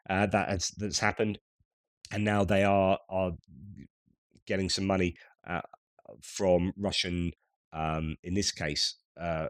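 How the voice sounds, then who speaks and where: A man's voice: deep voice, no room sound, studio quality. A middle-aged man from the United Kingdom giving casual news commentary in a conversational way, with wry asides.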